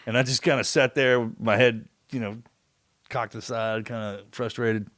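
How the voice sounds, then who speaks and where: Guy podcast host telling a story, lively, does everyone's voices, dry close mic. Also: medium pitch, moderate pace, no room sound. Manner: animated storyteller, acts out quotes, says "man" a lot. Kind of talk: casual storytelling chat.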